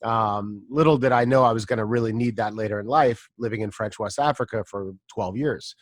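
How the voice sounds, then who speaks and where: A man's voice: on the low side, a little fast, no echo, studio quality. Rambling American man hosting a podcast. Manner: relaxed, rambling, frequent ums and throat clearing. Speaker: podcast host. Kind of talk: casual conversational interview.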